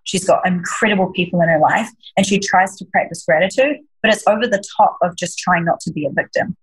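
A woman's voice: lowish voice, husky, low-quality recording. A woman who works as a leadership coach, answering interview questions in an earnest, reflective way, often restarting her sentences. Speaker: leadership coach, podcast guest.

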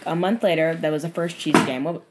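A young woman telling a dating story on a podcast in casual, profane chat, animated and full of fillers. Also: deep voice, a little fast, very noisy.

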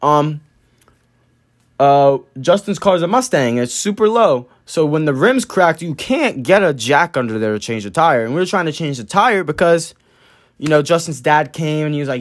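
A man's voice: fairly high pitch, lively intonation, normal speed. A young man casually telling a story to the camera, loose and profane, full of slang and fillers.

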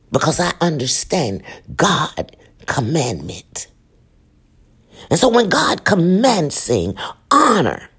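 Husky, animated woman preaching. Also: on the low side. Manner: animated, emphatic, repeats phrases. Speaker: preacher teaching scripture. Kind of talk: informal Bible teaching.

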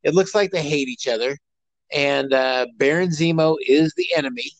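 A man's voice: on the high side, sing-song, normal speed, vocal fry, no echo, rough recording. Man, podcast co-host, casual rambling chat, lots of fillers and restarts, dry close sound.

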